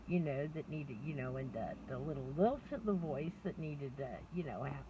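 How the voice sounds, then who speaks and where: The voice is deep and moves at a moderate pace. She's a middle-aged vlogger speaking candidly to camera in a rambling personal monologue, often laughing and making fun of herself, recorded from afar on a dull, slightly noisy lo-fi mic.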